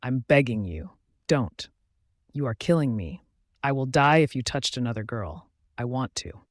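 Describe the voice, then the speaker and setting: A man's voice: mid-range voice, lively intonation, moderate pace, no echo, studio quality, natural voice. A man voicing an anxious young heroine who pleads and frets in an audiobook romance. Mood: pleading. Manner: emotional, pleading delivery.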